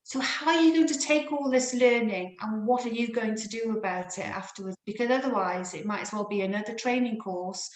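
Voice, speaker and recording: A woman's voice: fairly high pitch, brisk, few pauses, roomy sound, poor audio. A woman, a therapist and trainer, speaking in a panel discussion, reflective and searching, often restarting her sentences.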